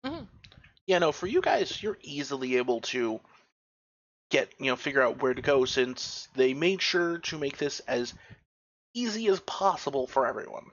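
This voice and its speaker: A man's voice: medium pitch, very animated, moderate pace, a bit bright. A man narrating as game master of a tabletop game, rambling with many fillers and restarts, on a dull lo-fi recording. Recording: dull lo-fi sound.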